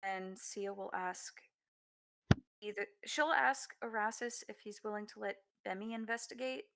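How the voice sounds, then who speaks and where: A woman player at a tabletop game, moving between speaking as her character and narrating what her character does. Her mid-pitched voice carries a gravelly, fry-laden edge. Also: measured pace, noisy background. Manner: mixes in-character talk with third-person narration of her character.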